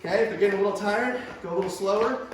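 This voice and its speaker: A man leading a home workout as a fitness instructor, encouraging and quick with short praise, recorded indoors at home. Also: high voice. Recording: echoey room, far from the mic.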